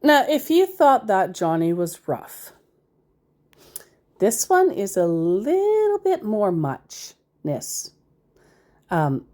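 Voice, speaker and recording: A woman with a lowish, dark-toned voice reads out messages from scammers as a scambaiter. Her commentary is casual and sarcastic, and she keeps rambling off into asides.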